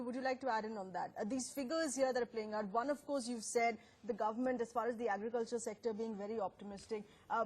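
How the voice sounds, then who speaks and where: A woman anchoring a live TV news panel, brisk and quick to interject. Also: fairly high pitch, darkish tone.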